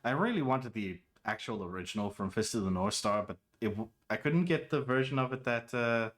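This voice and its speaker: Lively playful male streamer. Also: mid-range voice, fairly quick. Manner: playful, animated, quotes lines in different voices. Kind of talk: casual chat. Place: at home.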